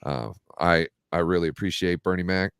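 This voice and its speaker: Clean studio sound with no room tone carries this man's low, clear, resonant voice at an ordinary pace. He's a podcast co-host on a casual sports show, rambling animatedly through stories and using lots of fillers.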